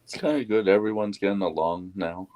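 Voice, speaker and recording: Low-voiced laid-back man. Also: fairly quick, a little mellow, no echo. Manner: laid-back, brief replies. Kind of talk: casual chat.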